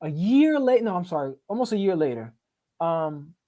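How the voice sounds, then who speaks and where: A man's voice: sits high, big pitch swings, moderate pace, mellow. A man telling his life story as a podcast guest, in profane street slang, often asking "right?" and repeating words in bursts. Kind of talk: casual storytelling interview.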